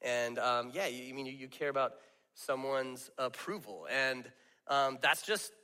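A man's voice: mid-range voice, measured pace, pushed and bright, clean tone. A middle-aged man preaching a sermon in a casual, joking way, acting out the voices he quotes. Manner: conversational and self-deprecating, acts out quoted voices. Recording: long reverb of a large hall.

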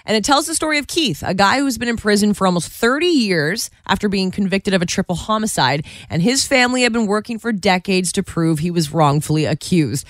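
A woman's voice: medium pitch, animated, brisk, few pauses, no echo, studio quality. A woman co-hosting a radio show, chatting casually and giggling as she tells stories and reads entertainment news.

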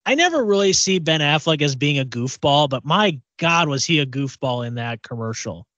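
A man's voice: a little high, expressive, moderate pace, fairly bright tone, no echo, dull audio. Chatty man co-hosting a podcast. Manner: chatty, repeats words while thinking. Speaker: podcast co-host. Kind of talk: casual chat.

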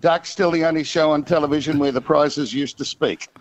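A man's voice: a little high, fairly even intonation, fairly quick, lo-fi sound, a little hiss or hum. An older Australian man, a guest on a sports radio show, telling jokes and stories in playful banter. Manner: playful storyteller, repeats "I tell you what". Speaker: guest, former TV host.

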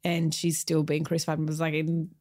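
A woman's voice: sits low, fairly quick. A woman co-hosting a studio podcast, chatting casually and rambling with lots of fillers. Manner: rambling, many fillers, quotes others in lively voices. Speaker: podcast co-host. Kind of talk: casual chat.

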